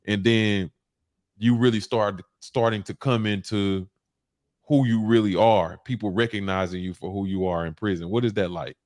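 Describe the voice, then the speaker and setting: Lower-voiced male host, halting and dry. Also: no echo. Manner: halting, repeats words, shouts out viewers. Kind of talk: casual interview.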